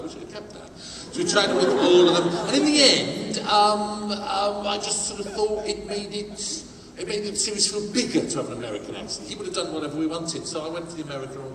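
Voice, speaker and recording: Man on a panel chatting away to fans, laughs a lot, gets loud, far off in a big echoey hall with noise. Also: fairly high pitch. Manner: animated and chatty, laughing often, loud bursts. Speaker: panelist answering audience questions. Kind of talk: casual convention panel answers. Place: large convention hall with an audience. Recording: echoey hall, distant mic, crowd noise.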